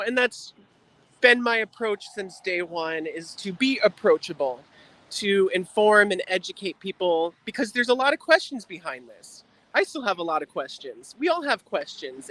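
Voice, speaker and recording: A man's voice: high-pitched, pushed and bright. A man speaking as a guest on a livestream, earnest and emotional, repeating phrases for emphasis. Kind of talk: earnest heartfelt talk.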